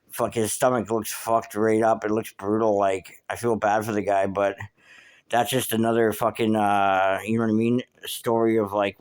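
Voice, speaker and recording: A man's voice: fairly low pitch, smooth. A man hosting a podcast, telling a rambling street story with lots of swearing and fillers. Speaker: podcast host. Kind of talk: casual storytelling monologue.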